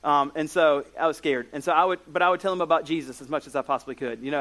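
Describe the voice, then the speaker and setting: A man's voice: on the high side, fast talker, hardly any pauses. A man in his forties preaching a sermon, telling stories with jokes and side notes. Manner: lively storytelling with jokes and asides. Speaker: pastor.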